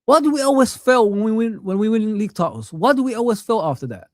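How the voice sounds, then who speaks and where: A man's voice: sits high, animated, quick pace, no echo, studio quality. A man in his thirties or forties ranting with passion on a live football watch-along stream, sweary and peppering his talk with "man". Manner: impassioned ranting, sweary, frequent "man" tags.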